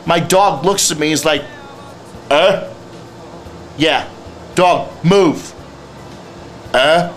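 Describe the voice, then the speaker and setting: A man's voice: high voice, fairly bright tone. A man who is a youth speaker and life coach, giving teens blunt, lecturing advice in a direct monologue.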